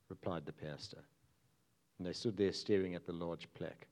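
A man leading a church sermon as its pastor, telling stories in a relaxed, chuckling way. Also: low voice, normal speed. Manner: easygoing, chuckling storyteller. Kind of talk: sermon with opening jokes.

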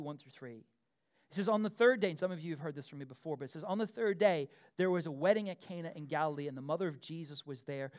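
A middle-aged man preaching a casual, animated sermon, full of asides, fillers and quick questions to the room. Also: fairly high pitch. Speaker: pastor.

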